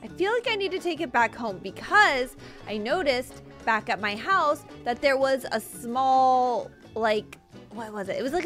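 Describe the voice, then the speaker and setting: A young woman giving chatty, giggly gameplay commentary with loud reactions. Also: high voice. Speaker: gaming video host.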